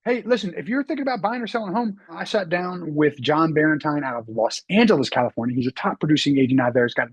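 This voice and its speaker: A man hosting a casual interview as a real estate agent, speaking with energy and quick asides. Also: fairly high pitch, lively intonation, breathy edge, no room sound, dull audio.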